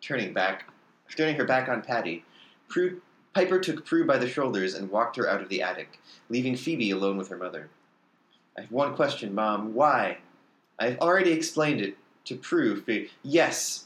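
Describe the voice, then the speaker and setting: A man's voice: animated, normal speed, fairly bright tone, reverberant. A man reading a story aloud, lifting his voice for the characters' lines and now and then stumbling and restarting. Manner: reads character lines with raised pitch and emphasis, occasional slips and restarts. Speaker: reader of fan fiction.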